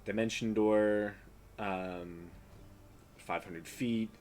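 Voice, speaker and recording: A man narrating as game master of a tabletop role-playing game, pausing often with fillers. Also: fairly low pitch, fairly even intonation, a little mellow, slight background noise. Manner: hesitant, many fillers.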